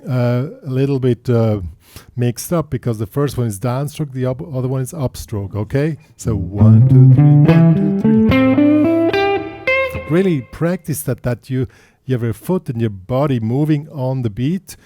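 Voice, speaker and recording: A man teaching guitar, explaining in halting bursts with restarts, counting beats aloud as he plays and checking in with the listener. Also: medium pitch, no room sound. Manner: checks in with the listener after points. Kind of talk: guitar tutorial. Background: loud guitar playing.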